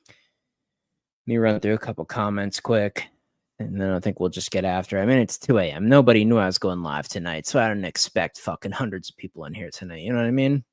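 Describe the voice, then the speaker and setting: A man's voice: fairly low pitch, quick pace, a little mellow, dry recording, studio quality. A young man ranting on a late-night live stream about sports betting, swearing and repeating himself as he vents. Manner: agitated, swearing, repeats words.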